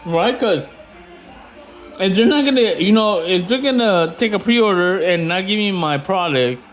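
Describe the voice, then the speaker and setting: A man ranting casually to camera in slangy, profane talk, getting louder when he is indignant. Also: sits high, measured pace, soft background music, rough recording. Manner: slangy, animated, swears freely; rising loud when indignant. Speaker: investing vlogger.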